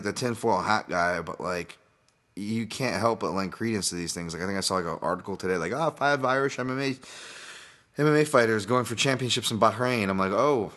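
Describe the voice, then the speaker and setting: A man's voice: fairly low pitch, fairly bright tone. A man hosting a solo fight podcast, talking casually in a rambling, profane way with many restarts. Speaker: podcast host and fight analyst.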